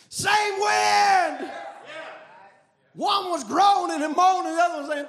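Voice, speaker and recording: A man preaching a fiery revival sermon, shouting in a chanting cadence. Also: very high voice, takes it slowly, gravelly, pauses often, some chatter behind.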